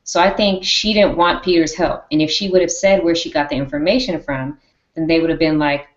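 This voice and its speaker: A woman hosting a casual live-stream discussion on a video call, animated and acting out lines. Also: low-pitched, fairly quick, reverberant, highs cut off. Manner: animated, acts out characters' lines. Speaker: show host.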